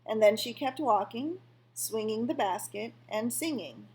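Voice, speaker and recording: A woman calmly reading a children's novel aloud, in a measured storytelling manner. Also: fairly high pitch. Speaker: reader.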